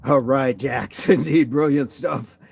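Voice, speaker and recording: A man's voice: mid-range voice, takes it slowly, creaky, a little mellow, slight background noise. A man hosting a daily fitness livestream, casually chatting, joking and greeting viewers by name as he reads their comments.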